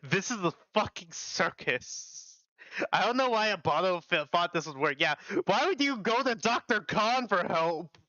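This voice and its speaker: A young man reacting casually to a story game he is reading aloud, animated and swearing freely. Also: sits high, unhurried, no room sound, muffled recording. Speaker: streamer reading a fan visual novel. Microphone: desk mic.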